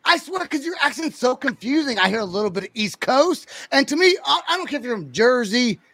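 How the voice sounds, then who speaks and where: High-voiced teasing podcast host. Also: male voice, sing-song, fairly quick, pushed and bright, husky, no room sound. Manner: playful, teasing, repeats himself. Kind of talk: casual interview chat.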